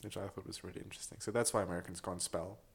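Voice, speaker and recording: Young male podcast co-host, playful, quick with jokes and silly voices. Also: low-pitched, steady tone, creaky, husky. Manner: jokey, slips into silly accents. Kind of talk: casual chat.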